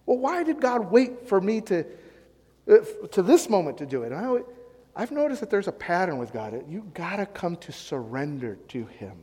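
A male pastor delivers a sermon in a fairly high voice, putting questions to his congregation and answering them himself. He swings between loud, pressing emphasis and quiet, low asides. His voice carries a long reverb from the hall. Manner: call-and-response preaching, rising and falling emphasis.

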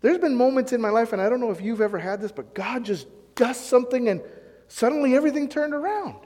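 Pastor guy preaching, fairly high voice, asks the crowd stuff then answers it himself, echoey church hall. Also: quick pace, a little mellow. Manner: call-and-response preaching, rising and falling emphasis. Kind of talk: sermon.

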